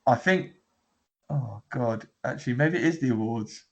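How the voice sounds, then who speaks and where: A man's voice: mid-range voice, normal speed, creaky. A man co-hosting a football podcast, talking in a rambling, laughing way with lots of restarts. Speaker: podcast co-host. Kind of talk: casual chat.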